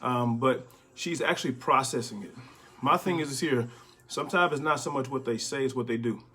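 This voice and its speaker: Middle-aged guy, bishop, husky voice, laid back, just talking plain marriage advice. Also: medium pitch, brisk. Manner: relaxed, conversational, plainspoken. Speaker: bishop, co-host. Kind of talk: casual advice to married couples.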